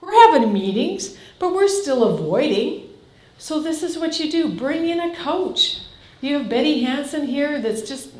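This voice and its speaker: A woman in her fifties from Canada, a farm family coach giving a live seminar, blunt and direct, firing questions at the audience. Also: on the high side. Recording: echoey hall.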